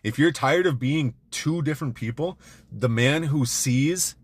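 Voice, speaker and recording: A man's voice: mid-range voice, measured pace, dry recording. A man giving an intense, blunt motivational monologue to other men, peppered with swearing. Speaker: men's self-help speaker.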